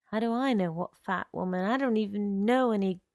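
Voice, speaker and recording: A woman voicing a smooth-talking, menacing young man who speaks in a coaxing, insistent way. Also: mid-range voice, brisk, darkish tone, dry recording, studio quality, natural voice.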